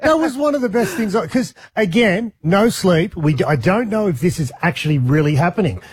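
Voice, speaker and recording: A man's voice: high-pitched, lively intonation, fairly quick, slightly rough, dry recording. A man hosting a radio show, bantering in a playful, teasing way. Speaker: radio host. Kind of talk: casual banter.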